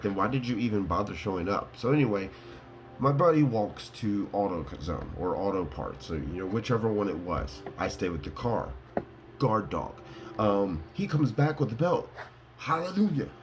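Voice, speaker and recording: Animated low-voiced man telling a story. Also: a little hiss or hum. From Colorado. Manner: animated, laughing, rambling with fillers. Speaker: vlogger. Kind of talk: casual storytelling to viewers.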